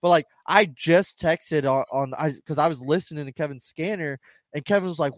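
A man co-hosting a podcast in casual chat, telling stories in a rambling, profane, animated way. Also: on the high side, brisk, no echo. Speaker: podcast co-host.

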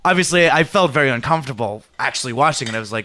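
A man co-hosting a casual podcast chat, telling stories in a halting, rambling way into a studio mic. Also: medium pitch, noisy background. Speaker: podcast co-host.

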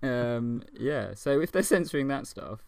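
A man's voice: medium pitch, expressive, measured pace, gravelly. A man co-hosting a podcast in casual comedic banter, swearing freely and often breaking into laughter. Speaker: podcast co-host.

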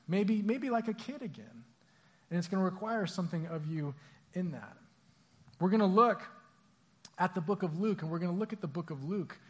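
A young man preaching a casual sermon as a pastor, acting out characters in a lively, conversational way with frequent restarts. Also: high voice. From Southern California. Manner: casual, animated, acts out voices, stammering restarts.

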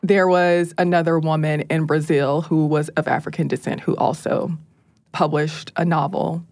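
Calm low-voiced woman telling a history. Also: normal speed, gravelly, no echo, clean studio sound. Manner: calm, even delivery. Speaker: guest presenter. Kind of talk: casual podcast storytelling. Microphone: studio mic.

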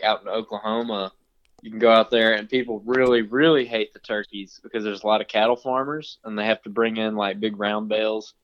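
A man co-hosting a hunting podcast in casual chat, often saying "like" and "dude". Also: fairly low pitch. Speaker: podcast co-host. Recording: dull lo-fi sound.

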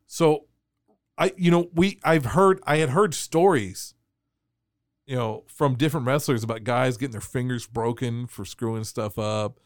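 A man telling a story on a podcast in a casual, animated way, laughing and acting out the voices of people in his anecdotes. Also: mid-range voice, a little slow, no echo, clean studio sound. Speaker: wrestling referee telling a story.

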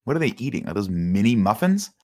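A man's voice: fairly low pitch, sing-song, fast talker, a little mellow. A man co-hosting a podcast, joking crudely and swearing in casual chat. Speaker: podcast co-host.

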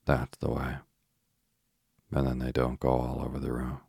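A man voicing a deaf, kindly, fussy old village grandmother in an audiobook, with folksy rustic speech and loud exclamations. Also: extremely low pitch, completely flat delivery, normal speed, vocal fry, husky, no room sound, clean studio sound, heavily acted. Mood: fussy, instructing. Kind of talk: audiobook character reading.

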